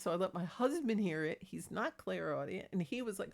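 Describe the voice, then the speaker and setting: A woman's voice: mid-range voice, lively intonation, brisk, vocal fry. A woman talking casually in a rambling, chatty vlog about her paranormal experiences, laughing between thoughts. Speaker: paranormal vlogger.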